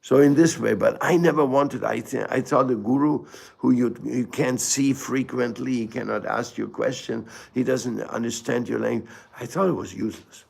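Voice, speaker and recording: Older man with a gravelly, husky voice. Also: mid-range voice, darkish tone. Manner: storytelling, halting restarts, rhetorical asides. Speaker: guru giving a spiritual talk. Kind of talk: informal spiritual lecture.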